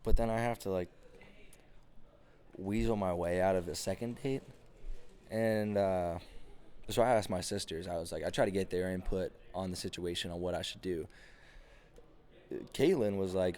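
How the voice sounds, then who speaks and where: A man in his twenties hosts a podcast with a low, slightly mellow voice, moderate pace and frequent pauses. His casual comedic rant is profane and rambling, full of swearing and fillers.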